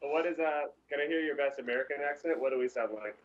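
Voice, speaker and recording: A man co-hosts a podcast in quick, rapid-fire speech, ribbing the guest with jokes. His pitch is ordinary, and the sound is dull and slightly lo-fi. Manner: teasing, jokey. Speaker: podcast co-host. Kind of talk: casual podcast chat.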